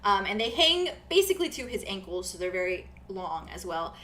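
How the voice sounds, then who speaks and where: Bright, chatty woman game master, lots of fillers. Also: medium pitch, very animated, a little fast, a little hiss or hum. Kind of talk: narrating a tabletop game.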